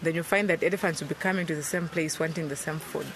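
A woman answers interview questions, explaining things patiently with fillers. The outdoor recording carries clear background noise. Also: deep voice, steady tone, fast. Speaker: volunteer program coordinator.

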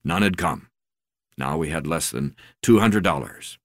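A man reading a memoir aloud as an audiobook narrator, in a measured, deliberate way. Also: extremely low pitch, lively intonation, no room sound, clean studio sound.

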